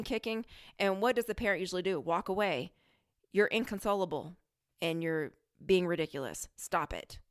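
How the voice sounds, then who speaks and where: A woman's voice: mid-range voice, no room sound, studio quality. A woman hosting a spiritual healing talk, coaching her listeners in an earnest, direct way. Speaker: spiritual healer and podcast host.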